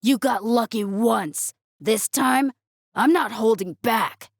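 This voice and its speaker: A woman's voice: medium pitch, lively intonation, slow, gravelly, a little mellow, dry recording, heavily acted. A woman voicing a hulking male alien bully with mandibles, delivering growled, bitter threats in a dry, close recording. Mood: sneering.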